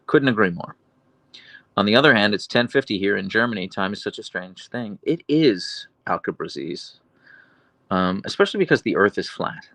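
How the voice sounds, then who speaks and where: A man's voice: lowish voice, expressive, normal speed, a bit bright, no room sound, low-quality recording. A man hosting a casual livestream, chatting easily as he reads out and answers viewer comments about his dogs. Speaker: livestream host and dog owner.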